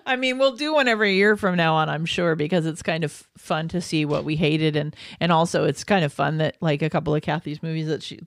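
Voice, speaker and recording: A woman's voice: low voice, fairly quick. A woman co-hosting a podcast, chatty and enthusiastic, laughing often. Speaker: podcast co-host. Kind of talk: casual chat.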